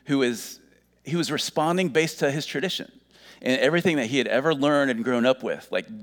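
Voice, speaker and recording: A man's voice: mid-range voice, normal speed. A middle-aged man preaching a sermon as a pastor, talking conversationally with joking asides and restarted words. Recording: reverberant hall.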